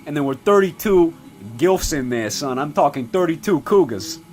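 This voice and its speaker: A loud-mouthed middle-aged New dad, as a man acts him out, ranting and rambling in a comedy sketch. His voice sits a bit high and leaps all over the place. Faint music plays softly behind him. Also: normal speed, natural voice. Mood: boasting. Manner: profane rambling rants with animated pitch swings. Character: foul-mouthed middle-aged male restaurant regular, brash father. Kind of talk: comedy sketch character monologue.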